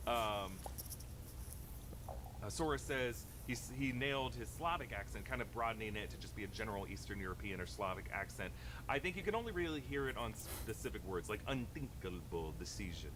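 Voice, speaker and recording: A man's voice: fairly low pitch, animated, a little fast, noisy background. Chatty male trailer-breakdown commentator. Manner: conversational, filler-heavy. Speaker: film news commentator.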